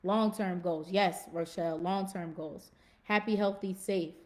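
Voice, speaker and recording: Hosting her fitness podcast, a woman who is also a fitness coach talks to a live audience in a low, steady, darkish voice at a measured pace. Her motivational talk is casual and emphatic, full of repeated key phrases and folksy slang.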